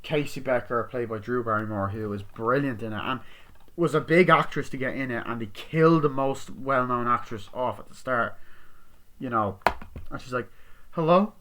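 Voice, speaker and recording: A man's voice: mid-range voice, moderate pace, fairly bright tone. A man giving a casual, rambling movie review, swearing often as he retells scenes. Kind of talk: casual spoken film review.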